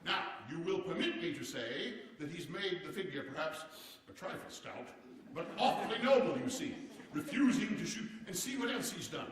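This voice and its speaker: An actor playing a boisterous old-time president, lively pitch. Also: male voice, normal speed, noisy background. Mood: genial. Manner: theatrical, exclamatory, speaks directly to the audience. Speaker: stage performer. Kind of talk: live one-man historical stage show. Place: performance hall before a seated audience. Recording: echoey hall, voice picked up from far off.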